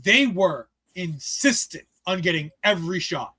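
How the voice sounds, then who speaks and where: A man co-hosting a casual show review, excited and rambling, swearing freely and filling his talk with "like". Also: high-pitched, measured pace, husky. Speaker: podcast co-host reviewing a wrestling show.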